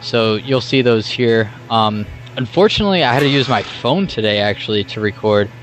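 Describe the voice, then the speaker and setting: A man's voice: medium pitch, expressive, moderate pace, soft background music. A young man narrating his gym workout vlog in a casual, rambling way, with many fillers and restarts. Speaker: fitness vlogger.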